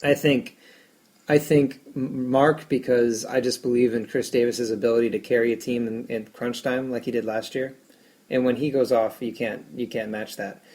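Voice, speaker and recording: A man's voice: medium pitch, little pitch movement, normal speed, darkish tone. A man co-hosting a podcast about fantasy baseball, rambling in casual chat and making fun of himself. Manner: self-deprecating, rambling with restarts.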